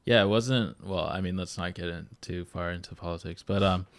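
A man's voice: sits low, a little fast, no room sound. A man on a casual podcast who talks hesitantly, trailing off with many fillers. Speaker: podcast co-host. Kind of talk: casual chat.

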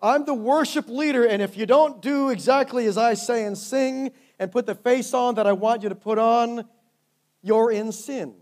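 A man's voice: extremely high pitch, normal speed, voice pushed up. A man putting on the voice of a worship leader who demands to be obeyed. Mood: bossy. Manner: loud, bossy.

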